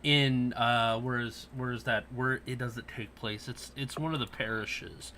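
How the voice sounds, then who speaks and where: A man's voice: mid-range voice, a little slow, background noise. A man hosting a casual podcast, telling stories and ranting with lots of swearing. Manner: profane, animated ranting storyteller. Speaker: podcast host.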